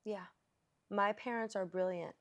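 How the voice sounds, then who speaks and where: A woman's voice: mid-range voice, fairly even intonation, a little slow, lo-fi sound. A woman hosting a podcast in casual interview chat, talkative and earnest, with lots of "like" in her speech. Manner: chatty, fillers of "like", earnest and open. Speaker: podcast host. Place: studio.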